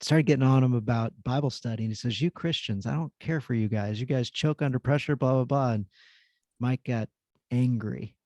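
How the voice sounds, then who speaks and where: A male podcast host with a mellow, dark-toned voice, casual and affirming. He tells anecdotes with enthusiasm, and the recording sounds dry and close. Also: mid-range voice, normal speed, no room sound.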